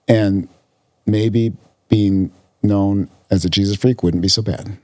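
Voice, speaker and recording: A man's voice: fairly low pitch, steady tone, takes it slowly, mellow, no echo, clean studio sound. A man as a podcast guest, talking earnestly in casual conversation and often repeating words as he searches for them. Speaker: podcast guest, physician in recovery.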